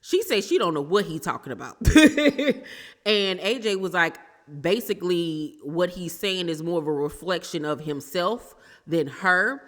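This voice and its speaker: A woman's voice: on the low side, expressive, normal speed, a bit bright, big-room sound. A woman giving blunt, sassy commentary as she recaps a reality TV episode for her channel. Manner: sassy, blunt, throws shade. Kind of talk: casual opinionated commentary.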